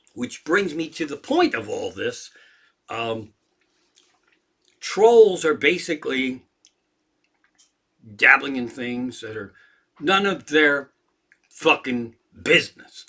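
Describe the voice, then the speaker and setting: A man in his sixties rants on a livestream with a slightly high voice and a sharp, tense edge. He swears constantly and gets more and more worked up as he talks. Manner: profane, ranting, worked up. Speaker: comedian hosting a livestream. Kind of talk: profane ranting livestream chat.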